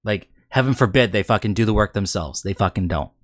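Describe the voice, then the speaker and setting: A man co-hosting a casual gaming podcast, telling a long story in a rambling, animated way. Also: lowish voice, brisk, no echo, studio quality. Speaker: podcast co-host.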